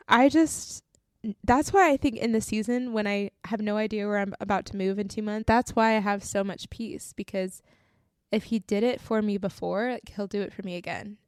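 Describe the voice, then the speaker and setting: A young faith podcast host with a mid-range voice, recorded with no echo, tells her testimony. Her delivery is casual, earnest and heartfelt; she's often close to tears and says "like" again and again.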